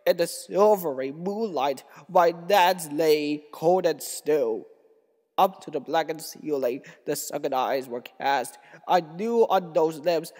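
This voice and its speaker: A man giving a dramatic poetry recitation, swinging between hushed grief and raised, bitter outcry. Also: a little high, big-room sound. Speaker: poetry reader.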